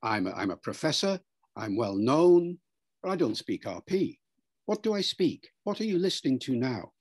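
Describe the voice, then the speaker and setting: A man's voice: medium pitch, big pitch swings, darkish tone, slightly rough, no echo. An older man with a mixed British accent, Welsh and Liverpool sounds blended with RP, explains patiently like a lecturer. He sounds out example words as he goes, in a dry, close recording. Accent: mixed British, Welsh and Liverpool with some RP. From Wales. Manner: measured, lecturing, demonstrates sounds aloud. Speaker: professor. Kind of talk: interview answers, explaining accents.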